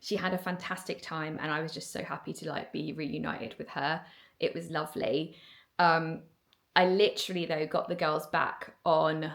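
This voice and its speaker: Chatty English mum with a gravelly voice. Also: female voice, deep voice, little pitch movement, moderate pace, fairly bright tone. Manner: chatty, lots of "like" fillers. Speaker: vlogger. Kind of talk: casual home vlog chat.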